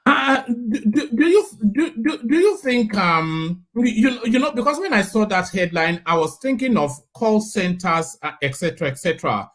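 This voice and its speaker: A man's voice: sits high, very animated, normal speed, few pauses, fairly bright tone. A man from Nigeria hosting a casual panel discussion, stammering and repeating words as he talks. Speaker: host.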